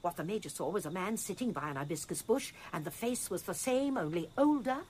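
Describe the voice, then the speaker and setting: A woman playing a shrewd, determined elderly spinster detective in a radio drama, crisp and insistent. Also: lowish voice, animated, brisk, darkish tone, slight background noise, close to an everyday voice. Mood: explaining. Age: older. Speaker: amateur sleuth.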